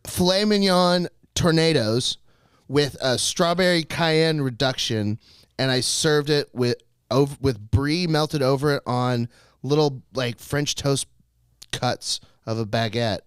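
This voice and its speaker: A man's voice: mid-range voice, slow, clear, resonant tone, no room sound, clean studio sound. A young man, a comedian co-hosting a podcast, telling rambling stories in casual chat and laughing often.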